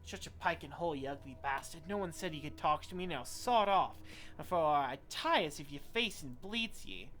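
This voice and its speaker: A surly back-alley thug spits insults and orders you off, as a woman reads him out. The voice stays fairly low and bright-edged, with a clipped, contemptuous delivery. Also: lively intonation, normal speed. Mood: hostile. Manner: sneering and insulting. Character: rude male thug, gruff and hostile.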